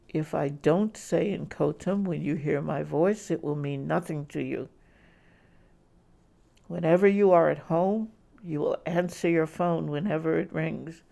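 A woman voicing a cold, controlling masked hypnotist who speaks slowly and commandingly through a muffled voice. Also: deep voice, gravelly, warm tone, full character voice.

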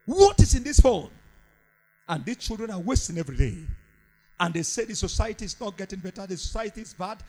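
A male preacher delivers a fervent sermon. His voice sits high and rises and falls widely in a sing-song cadence. He hammers his points home by repeating each line. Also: expressive, fast, rough recording.

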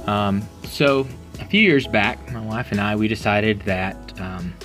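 A man preaching in a relaxed, earnest, conversational way, telling a personal story with frequent pauses and fillers. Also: fairly low pitch, soft background music.

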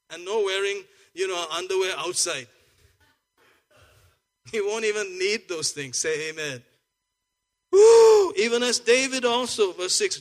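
A man delivers a sermon in a high, bright voice. He jokes and muses quietly, then bursts into loud, rousing exclamations. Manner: lively, jokey, swings from soft asides to loud exclamations. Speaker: pastor.

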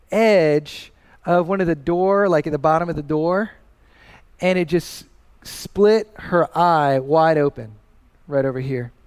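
A man's voice: high-pitched, clean tone. A man in his thirties preaching a sermon as pastor, earnest and personal, rising in emphasis as he tells a family story.

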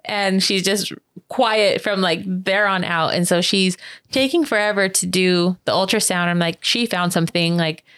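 Woman chatting, tells a story all animated, lots of "like" and "um", dry close sound. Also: unhurried, dry recording. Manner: animated, many fillers like "like" and "um"; acts out quoted voices with sharp pitch jumps. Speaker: interview guest. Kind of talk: casual storytelling.

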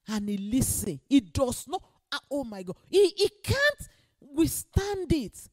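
A woman's voice: high voice, very animated, unhurried, darkish tone. A woman preacher delivering an emphatic sermon and repeating key phrases for weight.

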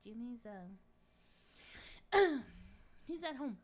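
This guest is a woman whose high voice swings widely in pitch, stretching out her words in a heavily acted delivery. She's playing a brash, crude middle-aged gossip in a comedy sketch, swearing plenty as she rambles through a story.

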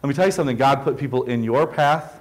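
A man's voice: medium pitch, quick pace, low-quality recording. A man, a pastor preaching a sermon with emphatic rhetorical questions and repeated phrases.

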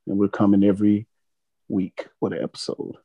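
Male podcast host, low and gravelly, joking and profane, casual banter. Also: monotone, a little fast, dark tone, dry recording. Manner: loose, joking, heavy cursing.

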